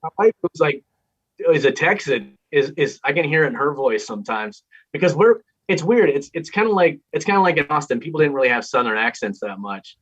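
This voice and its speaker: A man's voice: a little high, lively intonation, brisk, fairly bright tone. A man with a Minnesotan accent, a radio host chatting as an interview guest, rambling and laughing often. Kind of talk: casual interview chat. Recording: dull lo-fi remote audio.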